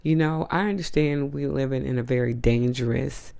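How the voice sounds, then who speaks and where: A man's voice: medium pitch, moderate pace, gravelly, warm tone, smooth, dry recording. A man hosting his own channel, delivering a blunt, profane, outraged opinion rant to the camera and hammering his points home. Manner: repeats points for emphasis. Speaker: host.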